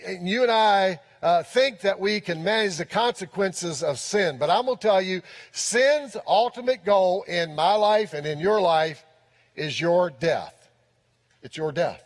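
A man preaching a sermon as pastor, earnest and repeating his key phrases for emphasis. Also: high-pitched. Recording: long reverb of a large hall.

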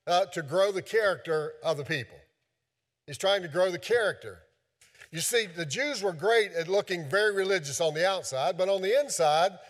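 A male pastor delivers a folksy sermon, stumbling through fillers and restarts along the way. His voice sits a little high for a man. It rings with the long reverb of a church hall.

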